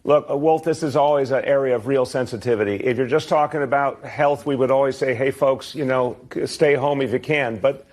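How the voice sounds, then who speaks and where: A man, a politician, answering questions in a televised interview in a measured, earnest way. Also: medium pitch, darkish tone.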